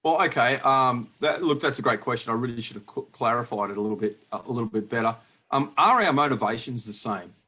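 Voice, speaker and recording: A man hosts a relaxed conversation, his voice a little husky and breathy. He rambles, circles back on his words and laughs easily. The pitch sits in a middle range. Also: a little fast. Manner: rambling with many restarts and laughs. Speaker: podcast host. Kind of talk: casual conversational interview.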